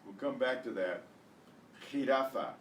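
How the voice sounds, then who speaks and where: A man teaching an online beginner language lesson, repeating words slowly with exaggerated pronunciation. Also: on the low side. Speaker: Spanish teacher. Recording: echoey room, distant mic, faint hiss.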